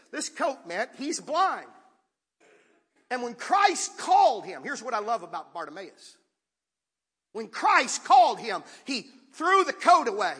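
A high, bright-toned male pastor with a husky edge preaches with fervor, swinging between quiet asides and shouted calls to the congregation. His voice rings through a church sanctuary with a long, trailing reverb. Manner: impassioned, rising to shouts with audience call-outs. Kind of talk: sermon.

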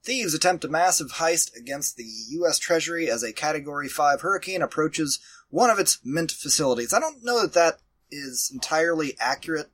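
A man with a high voice that swings all over as he talks. He co-hosts a casual movie review chat, animated and exasperated, and he often slips into mock voices to quote his own reactions. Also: fairly quick. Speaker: podcast co-host.

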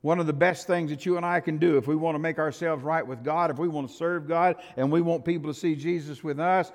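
A male pastor preaching a storytelling sermon, swinging from loud outbursts to hushed tones. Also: fairly high pitch, fairly quick, hardly any pauses. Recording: reverberant hall.

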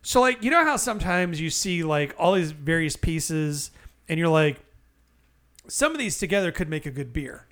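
Guy with a slightly high voice ranting about a bad beer, swears a lot, hams it up. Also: moderate pace. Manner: animated, profane, exaggerated storytelling. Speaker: podcast co-host. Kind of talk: casual beer-review banter.

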